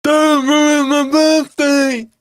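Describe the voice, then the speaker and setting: A man's voice: very high voice, flat delivery, pitched above the performer's own voice, full character voice. A man imitating a rowdy adult male football fan who bellows and swears from the stands. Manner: shouting, sweary, slow and drawn out.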